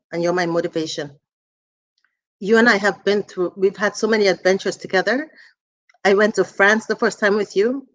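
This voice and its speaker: Emotional woman in her forties paying tribute. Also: medium pitch. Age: 40s. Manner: earnest, emotional, warm. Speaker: author's daughter, speaker. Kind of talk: heartfelt tribute speech.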